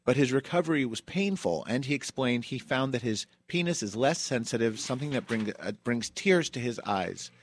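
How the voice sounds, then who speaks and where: A man's voice: mid-range voice, expressive, moderate pace, hardly any pauses, slight background noise. Chatty man hosting a podcast. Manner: chatty, with asides and fillers. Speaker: podcast host. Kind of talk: casual podcast storytelling.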